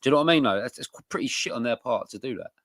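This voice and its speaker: A middle-aged man rattles along at a quick clip, swearing and laughing through his stories. The sound is dry and close, with no room around it. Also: medium pitch, expressive, a bit bright, no room sound. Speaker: podcast co-host. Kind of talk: casual chat.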